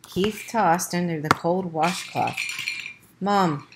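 A woman's voice: fairly low pitch, normal speed, background noise. A woman reading a children's chapter book aloud in a plain amateur audiobook style, with small slips. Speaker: audiobook reader.

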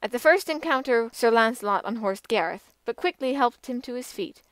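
A woman narrating an old legend as an audiobook, in a measured and expressive manner. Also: on the high side, no echo. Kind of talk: scripted storytelling narration.

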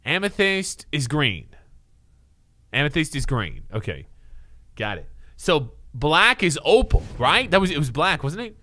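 An excitable male streamer talks to his live chat, loud and full of swearing. His voice is bright and slightly high, leaping up and down constantly. Faint music plays in the background. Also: measured pace, dry recording.

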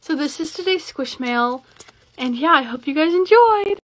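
High-voiced woman gushing over mail. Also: lively intonation, moderate pace, dry recording, rough recording. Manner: gushing, chatty. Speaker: unboxing video creator. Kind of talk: casual unboxing chat.

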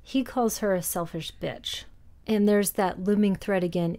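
A woman's voice: medium pitch, fairly even intonation, unhurried, warm tone. A woman co-hosting a film podcast, recapping scenes in detail in a casual discussion and laughing easily. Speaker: podcast co-host.

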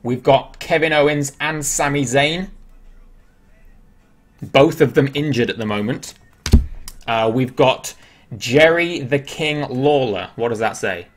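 A man's voice: mid-range voice, takes it slowly, pauses often. A man with an English accent, hosting a casual livestream, chatting loosely, answering viewers' questions aloud and laughing at himself. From England. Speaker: livestream host. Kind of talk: casual live-stream chat.

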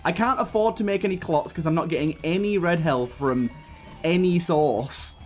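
A young gaming commentator, his voice on the high side and a little mellow, talks at a moderate pace as he rambles through a childhood story. He grumbles and lashes out at his run in frustration, with faint game music in the background.

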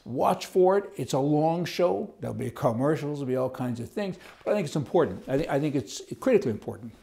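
Guy with a gravelly voice, blunt and rambly, chuckling at his own points. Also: fairly high pitch, animated, quick pace, mellow. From Canada. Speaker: political commentator. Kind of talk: opinionated casual monologue.

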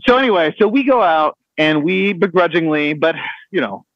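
A man's voice: a little high, lively intonation, moderate pace, no room sound, highs cut off. A man telling a navy story on a podcast in a rambling, laughing way, full of fillers and restarts. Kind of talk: casual storytelling among friends.

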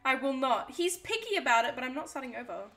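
Young woman streamer, high voice, chatty, reads chat out loud while she plays. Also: expressive, quick pace. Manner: chatty, talks to herself and reads chat aloud. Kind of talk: casual live-stream chatter while playing a cooking game.

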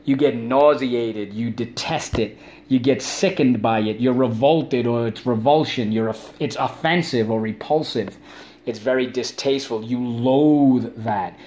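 A man teaching an online spelling lesson for kids, drilling words with call-and-repeat chants and leaping into playful high asides. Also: normal speed, a little mellow.

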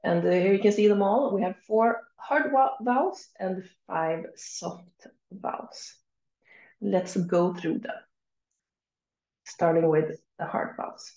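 A woman with a Swedish accent teaches in an unhurried, patient way, holding each vowel long for students to repeat. Her voice is a bit shaky from a cold and has a gravelly edge. She is recorded in an echoey room with slightly dull sound. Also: mid-range voice. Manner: stretches the vowel sounds she models, soft asides. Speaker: language teacher. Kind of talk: slow, clear teaching with repeat-after-me drills.

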